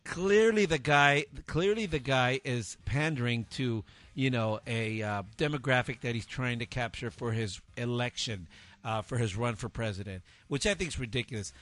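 A man's voice: medium pitch, normal speed, a bit bright. A man co-hosting casual internet radio from a garage, arguing his political points earnestly and insistently. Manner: earnest, insistent, talks over others. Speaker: co-host. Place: home garage studio.

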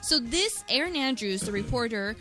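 A woman's voice: fairly high pitch, expressive, normal speed, sharp tone, faint music behind. A woman co-hosting a casual chat show, telling a story in a chatty way. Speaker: co-host.

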